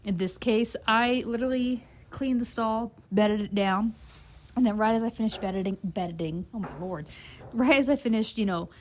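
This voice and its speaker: A woman with a voice on the high side talks at normal speed, with slight background noise. She's a foaling attendant on a horse breeding farm, in a barn at night, casually rambling to her horses and viewers in a vlog chat.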